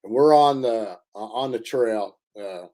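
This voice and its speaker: A man telling a story in a casual interview, halting often with fillers and restarts. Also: mid-range voice, mellow. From Indiana. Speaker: interview guest.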